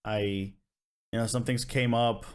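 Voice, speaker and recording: A man's voice: on the low side, fairly even intonation, a little slow, clean tone. Laid-back man, sighing and hesitant. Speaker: guest. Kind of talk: casual chat.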